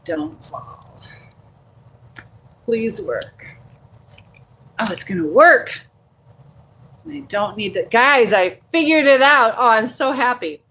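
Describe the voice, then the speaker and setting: A woman's voice: on the high side, very animated, slow pace, pauses often, bright, forceful tone, a little hiss or hum, low-quality recording. A woman hosting a casual live stream from a handheld phone at home, reading out viewer comments and chatting in a rambling way with plenty of fillers. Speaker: livestream host.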